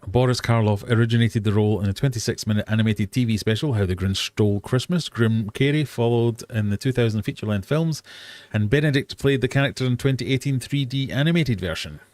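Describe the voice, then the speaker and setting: A man's voice: medium pitch, fast talker, a little mellow, dry recording. A man hosting a casual live-streamed quiz for fishkeepers, chatty and jokey with self-deprecating asides. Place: home fish room.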